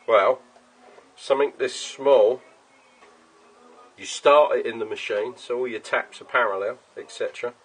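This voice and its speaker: A man's voice: medium pitch, fairly even intonation, normal speed, pauses often, rough recording. A man chatting casually while he works in his home garage workshop, explaining each step and swearing now and then. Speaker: workshop maker.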